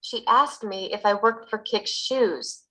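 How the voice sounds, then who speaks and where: A woman's voice: mid-range voice, slow, bright, forceful tone, low-quality recording. A woman voicing a young woman in a scripted textbook dialogue who sounds anxious. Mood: tense.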